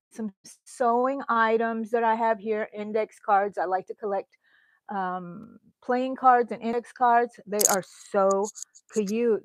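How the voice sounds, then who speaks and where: A woman's voice: medium pitch, no room sound. A middle-aged woman chatting casually on a live stream as she tours her small craft room at home, rambling from one item to the next. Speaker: crochet vlogger.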